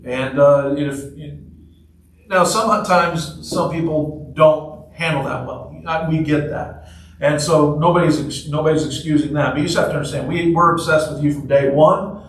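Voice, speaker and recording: A man's voice: on the high side, steady tone, moderate pace, slight background noise. A man preaching a casual, joking sermon to his congregation, telling stories and asking the people in the pews questions. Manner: chatty, jokey, asks the congregation questions. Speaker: pastor. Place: church sanctuary. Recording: echoey room, voice from far off.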